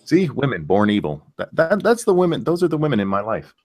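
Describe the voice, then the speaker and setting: A young adult man hosting a casual livestream chat, telling animated stories and talking over cohosts. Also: medium pitch, fast talker. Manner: animated storyteller, acts out voices in anecdotes. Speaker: podcast host.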